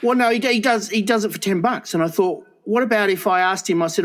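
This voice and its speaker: A man's voice: high-pitched, fast, a bit bright. Rambling, laughing man. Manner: laughing, rambling storyteller with many restarts. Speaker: podcast co-host. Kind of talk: crude casual comedy chat.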